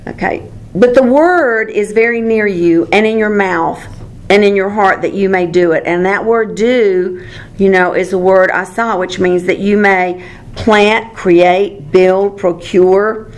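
A woman's voice: mid-range voice, unhurried. A middle-aged woman leading a small-group Bible lesson, talking things through in a conversational way and correcting herself as she goes. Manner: conversational, self-correcting, warm teaching. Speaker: Bible study teacher.

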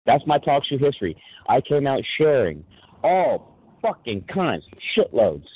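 A man's voice: mid-range voice, very animated, measured pace, slightly rough, dry recording. Angry swearing man on a tinny phone line. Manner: angry ranting, heavy swearing. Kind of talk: heated phone chat.

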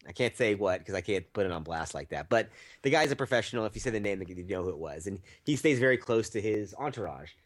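A man's voice: lowish voice, expressive, fast talker. Profane rambling male podcast host. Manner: rambling, profane, laughing storyteller. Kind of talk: casual movie-review chat.

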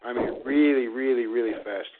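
A man's voice: medium pitch, moderate pace. A man on a casual talk show, going off on long rambling rants full of "like" and "you know.". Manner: rambling, ranting, lots of fillers. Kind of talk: casual phone-in chat. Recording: narrow phone line.

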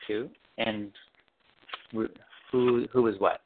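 A man leading an interview, asking calm and steady questions about family background. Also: mid-range voice, slow, a little hiss or hum. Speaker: interviewer, counselor. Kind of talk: guided interview. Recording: tinny phone-like line.

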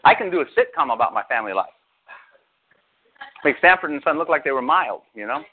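Male pastor, animated sermon, rhetorical questions, tinny phone-like audio. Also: a little high, fairly quick, breathy edge. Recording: phone-like narrow sound.

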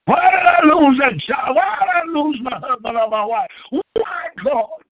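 A man's voice: very high voice, lively intonation, unhurried, no room sound, highs cut off. A man preaching and praying as pastor, with fervent pleading questions. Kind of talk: sermon and prayer.

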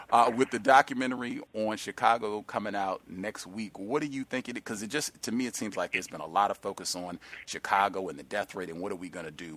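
A man hosting a radio talk show, speaking emphatically and slowing down to stress key words. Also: lowish voice, a bit bright.

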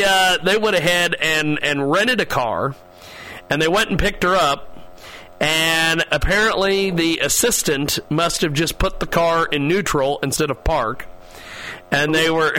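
Lively bright-voiced male radio host. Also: a little high, rough recording. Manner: rambling, laughs often, halting fillers. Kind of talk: casual radio chat.

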